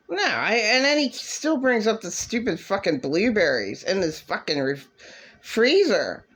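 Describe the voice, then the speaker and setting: A woman ranting angrily about her past, bitter and swearing, now and then mocking others in a shrill voice. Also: expressive, a little slow. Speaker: vlogger. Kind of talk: angry personal rant.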